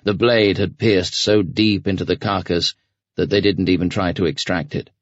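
A man reading a novel aloud in an even, measured audiobook narration. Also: sits low, no room sound. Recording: dull dry studio recording.

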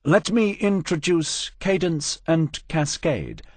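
Man voicing a raised, lively, teasing male host, husky. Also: on the high side, slow pace, no room sound, pitched above the performer's own voice, heavily acted. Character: smooth, managing male diplomat host.

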